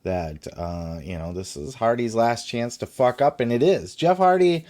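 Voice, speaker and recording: A man's voice: medium pitch, normal speed, mellow. Male podcast host: blunt, profane, rambling commentary in a casual tone. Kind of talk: casual wrestling news commentary.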